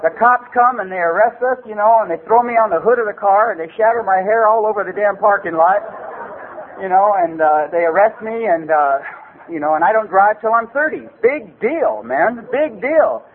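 Middle-aged LA man, high voice, loose rambling storyteller, thin phone-like sound. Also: normal speed. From Los Angeles area. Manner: loose rambling delivery full of "man" and "you know". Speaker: recovery meeting speaker. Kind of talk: comic personal storytelling. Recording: tinny phone-like recording with faint hiss.

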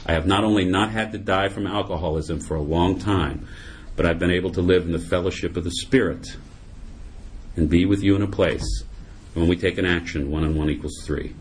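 A man's voice: deep voice, a little fast, a little hiss or hum. A middle-aged man speaking at a recovery meeting, giving a humorous personal testimony. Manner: humorous, animated storyteller.

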